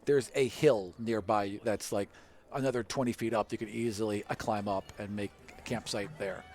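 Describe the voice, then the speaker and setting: A man's voice: fairly low pitch, normal speed. Male game master, easy laugh, casual scene-setting. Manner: relaxed, laughs easily, loose descriptive phrasing. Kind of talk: narrating a tabletop game.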